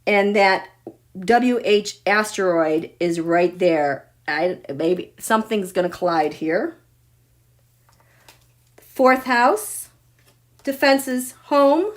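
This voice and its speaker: A middle-aged woman hosting a live astrology reading, excitable and gushing, swinging from loud exclaiming to near whispers. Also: medium pitch, very slow, pauses often. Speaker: astrology and tarot livestream host.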